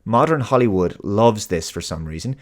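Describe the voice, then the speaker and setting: Earnest Irish man with a low voice. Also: animated, moderate pace. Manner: earnest, emphatic, sermonizing. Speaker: host. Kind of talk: opinion commentary monologue.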